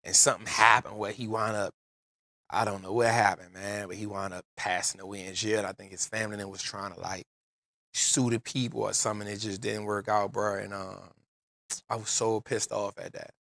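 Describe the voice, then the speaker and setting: Low-voiced man telling a heartfelt story. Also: level tone, moderate pace, gravelly, sharp tone, no room sound, studio quality. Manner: emotional storytelling, street slang. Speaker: podcast host. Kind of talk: casual chat.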